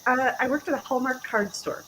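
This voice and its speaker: Lively storytelling woman in her forties. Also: high voice, a little fast, slight background noise, low-quality recording. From Chicago area, USA. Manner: lively storyteller who acts out quoted dialogue. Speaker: podcast guest. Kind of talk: casual interview chat.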